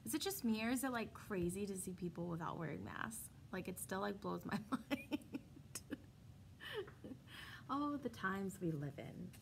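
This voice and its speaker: A woman's voice: medium pitch, lively intonation, moderate pace, vocal fry, a little hiss or hum. A young woman, a kindergarten teacher, reading a picture book aloud to young children, asking them questions and answering them herself, with chatty asides. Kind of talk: read-aloud story lesson for young children.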